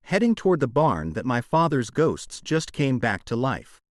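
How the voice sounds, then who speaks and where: A man reading the lines of a gruff, hard-edged rancher who is fiercely protective, in a clipped way. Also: medium pitch, sing-song, normal speed, dry recording, studio quality, natural voice.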